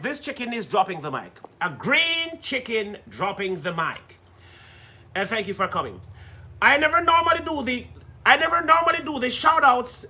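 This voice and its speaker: A man's voice: high voice, bright, forceful tone. A man hosting a livestream in playful, casual chat, repeating himself and laughing often. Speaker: livestream host.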